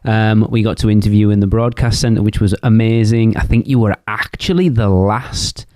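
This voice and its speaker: A man's voice: fairly low pitch, normal speed, dark tone, clear, resonant tone, no room sound, clean studio sound. A man hosting a podcast, teasing his guest in an easygoing way and steering the conversation along. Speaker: podcast host. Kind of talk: casual podcast chat.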